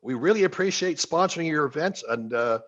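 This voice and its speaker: A man's voice: a little high, expressive, fairly quick. A man presenting his company's product on a webinar, explaining plainly with hesitations. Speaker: sponsor presenter. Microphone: video call. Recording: dull lo-fi call audio.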